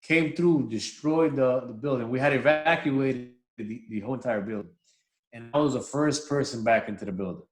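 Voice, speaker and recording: A man co-hosting a podcast, trading relaxed, slangy banter in casual chat. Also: medium pitch, normal speed, reverberant. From Dominican heritage. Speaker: podcast co-host.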